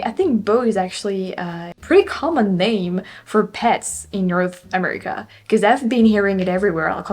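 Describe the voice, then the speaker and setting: A young woman from France speaking English with a French accent, chatting casually to her viewers about her trip, with frequent laughs and lots of fillers and restarts. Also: medium pitch. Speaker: travel vlogger. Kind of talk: casual chat to camera.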